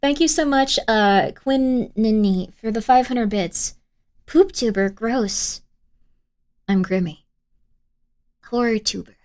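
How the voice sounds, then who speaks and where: A woman's voice: on the high side, slow pace, pauses often, a little mellow. A woman streamer chatting casually with her live chat, giggly, rambling and full of apologies. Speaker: streamer reacting to videos.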